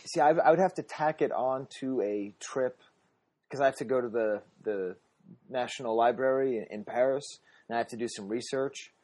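A man hosting a relaxed podcast roundtable in a mid-range voice. He talks with a joking, self-deprecating tone and often restarts his sentences before he finds his point. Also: medium pitch, moderate pace. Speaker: podcast host. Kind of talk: casual roundtable chat.

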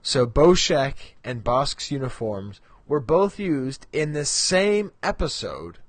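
A man's voice: medium pitch, sing-song, takes it slowly, no echo. A middle-aged man co-hosting a podcast in casual, rambling chat, laughing at himself often. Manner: rambling, self-mocking, frequent ums and laughs. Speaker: podcast co-host.

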